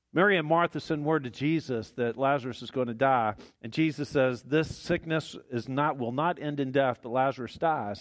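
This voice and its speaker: A man's voice: mid-range voice, no room sound. A man preaching a sermon as pastor in a church, folksy and conversational with small jokes. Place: church sanctuary.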